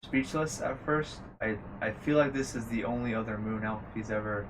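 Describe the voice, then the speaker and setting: A man's voice: lowish voice, normal speed, a little hiss or hum, rough recording. A man playing a tabletop game, talking casually and thinking aloud with hesitations. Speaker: player.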